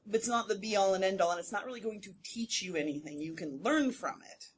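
A woman voice actor speaking on a convention panel, chatty and quick to correct herself, laughing easily. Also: mid-range voice, slight background noise.

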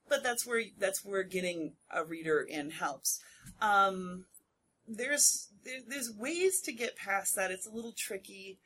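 Chatty lower-voiced woman on a panel. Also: measured pace, fairly bright tone, slight background noise. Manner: chatty, self-correcting, laughs easily. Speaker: voice actor panelist. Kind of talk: convention panel talk. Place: convention panel room.

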